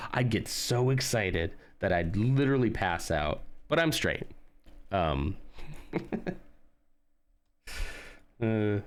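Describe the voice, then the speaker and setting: A man hosts a casual live stream, chatting as he builds. His fairly low voice swings widely and animatedly in pitch. He reads chat aloud and answers with jokes and self-mockery.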